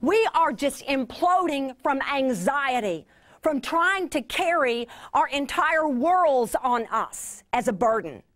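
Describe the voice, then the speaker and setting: A woman delivering a Bible teaching to a mostly female audience, earnest with drawn-out emphasis and playful asides. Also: high-pitched, lively intonation, a bit bright. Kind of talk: sermon.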